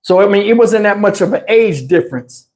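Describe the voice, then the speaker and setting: A man telling stories on his live stream, in a casual, animated way with crude slang and frequent laughter, through a lapel mic. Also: high voice, a little fast. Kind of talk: casual anecdotal storytelling. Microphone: wireless lapel mic.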